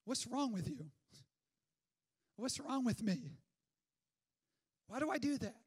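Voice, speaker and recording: High-voiced man preaching a lively sermon. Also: takes it slowly, slightly rough. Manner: energetic, conversational preaching with frequent restarts and rhetorical questions. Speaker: pastor.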